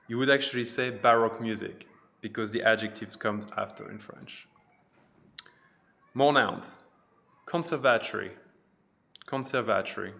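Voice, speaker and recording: A man teaching a pronunciation lesson, repeating each phrase slowly and carefully, with chatty teaching asides. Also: fairly low pitch, vocal fry, fairly bright tone. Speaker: French teacher.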